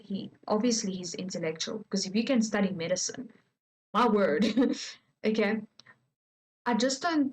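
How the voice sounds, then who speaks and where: A woman's voice: mid-range voice, a little mellow, poor audio. A woman reading online stories aloud in casual commentary, chatty and talking straight to her viewers, working herself up into a rant. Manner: chatty, talks straight to viewers, gets worked up and ranting.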